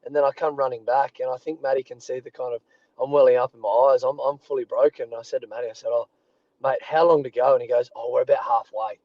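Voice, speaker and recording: A man in his thirties with an Australian accent, a rugby player guest telling animated anecdotes from a parked car over a remote call. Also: medium pitch, fast talker, dry recording, dull audio. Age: 30s. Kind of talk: casual storytelling.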